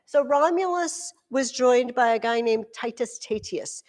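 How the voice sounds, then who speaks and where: A woman teacher tells a history story to her class with a joking, animated delivery. Her voice sits fairly high and swings widely in pitch. The classroom leaves a long, echoey reverb on every word. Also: unhurried.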